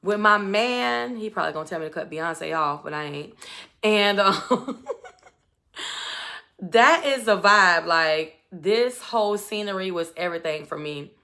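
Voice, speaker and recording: A woman's voice: medium pitch, expressive, a little slow, bright, forceful tone. A woman giving a casual, chatty recap of a reality show, telling it expressively with lots of asides. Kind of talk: casual commentary.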